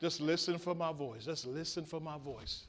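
Male pastor, high voice, call-and-response preaching that swings from soft to loud. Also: normal speed, a crowd in the background. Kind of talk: sermon with a live illustration.

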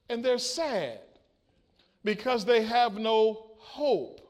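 Slow, high-voiced male preacher. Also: big pitch swings. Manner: slow, deliberate delivery with call-and-response prompts; acts out biblical speakers in quoted voices. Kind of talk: sermon with scripture reading.

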